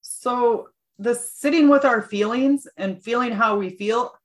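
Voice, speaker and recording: A woman's voice: fairly high pitch, measured pace. A woman hosting an interview, asking curious follow-up questions. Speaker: interview host.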